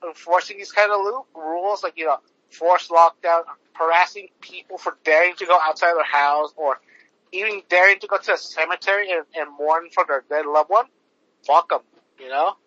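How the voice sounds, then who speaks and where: High, bright-voiced man ranting. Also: normal speed, dry recording. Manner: rambling, heavy swearing, many fillers and restarts. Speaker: podcast host. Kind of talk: casual profane podcast rant. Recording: dull lo-fi recording.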